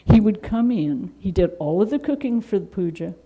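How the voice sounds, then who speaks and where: Husky, mellow-voiced woman telling stories. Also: medium pitch, moderate pace, rough recording. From Seattle, United States. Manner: animated, with laughter and acted-out quotes. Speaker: Vedanta nun. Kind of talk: anecdotal storytelling in an interview.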